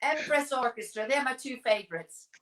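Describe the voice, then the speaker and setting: An older woman answering a quick run of casual questions as an interview guest, chatty and self-assured. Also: sits high, crowd noise, low-quality recording.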